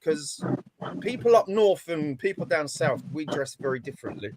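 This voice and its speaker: A man chatting as a football fan panelist, animated and sweary, calling everyone mate and bro. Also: high-pitched, normal speed, slight background noise, rough recording. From London.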